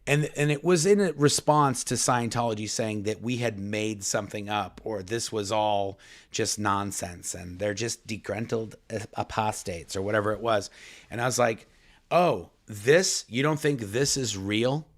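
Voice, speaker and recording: Male co-host, lower voice, easygoing live-stream chatter. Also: moderate pace. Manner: chatty, reads viewer comments aloud, addresses "folks". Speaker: podcast co-host. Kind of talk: casual live Q&A chat.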